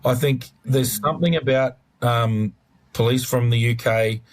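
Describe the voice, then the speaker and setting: A man's voice: mid-range voice, steady tone, a little slow. A man co-hosting an interview podcast, chatting in a rambling, enthusiastic way with lots of restarts. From Australia. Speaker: podcast co-host. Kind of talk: casual interview chat.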